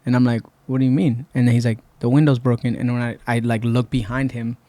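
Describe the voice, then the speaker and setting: A man's voice: mid-range voice, quick pace, no echo. A man from Puerto Rico, a guest on a podcast, telling a long story in a casual way and acting out what people said. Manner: relaxed, retells events with quoted dialogue. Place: podcast studio.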